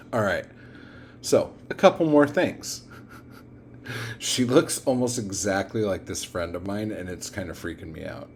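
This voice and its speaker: A man's voice: on the low side, animated, takes it slowly, long pauses, slight background noise. A man hosting a watchalong, giving casual reaction commentary in a blunt, profane, rambling way full of fillers. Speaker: watchalong host.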